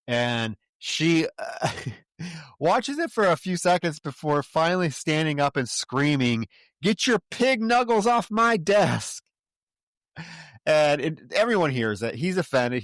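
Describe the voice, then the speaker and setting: A man co-hosting a podcast and retelling a movie scene by scene in casual, animated speech. His voice sits in a middle pitch. He tosses in quick character impressions, and the room sound is dry and close. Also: no room sound. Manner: animated storytelling, briefly mimics characters. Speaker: podcast co-host. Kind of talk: casual film recap.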